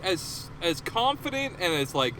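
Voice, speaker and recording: Man, casual podcast chat, rambling and profane, animated pitch, background noise audible. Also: a little slow. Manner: loose, swearing, filler-heavy talk. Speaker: podcast co-host.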